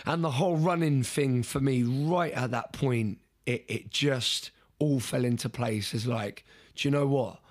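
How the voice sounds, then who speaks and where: A man in an interview chatting through a personal story with a slightly husky, breathy voice at an ordinary pitch. He talks casually and with animation, often doubling up words and restarting his sentences as he goes. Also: unhurried, hardly any pauses. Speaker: interview guest.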